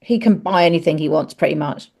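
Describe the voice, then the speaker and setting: A middle-aged woman talks openly as a podcast guest, her voice sitting at an ordinary middle pitch. She tells the story frankly and swears freely. When she plays out each exchange, she jumps up into animated, higher voices. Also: fairly quick, creaky. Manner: animated, acts out the dialogue in raised voices. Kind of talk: candid personal storytelling.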